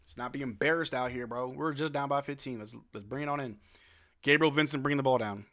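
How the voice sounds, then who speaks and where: Young male stream host, bright clear voice, loose fan play-by-play, shrugging and resigned. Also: mid-range voice, quick pace. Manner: laid-back, resigned, swears then apologizes. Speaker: live stream watch-along host. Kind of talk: casual fan play-by-play commentary.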